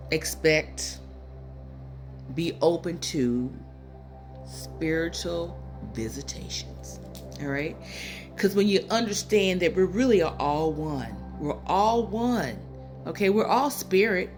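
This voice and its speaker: A woman in her fifties speaking into her phone in a rambling, personal way, near tears, full of fillers and asides. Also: on the low side. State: tearful, near crying. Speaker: spiritual channel host. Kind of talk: casual spiritual talk to viewers.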